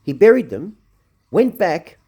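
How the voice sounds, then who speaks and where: A man's voice: high-pitched, sing-song, unhurried, slightly rough, muffled recording. An Australian man hosting his own show, ranting angrily with lots of swearing and repetition. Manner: swearing, blunt, repeats himself. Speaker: show host. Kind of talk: angry ranting commentary.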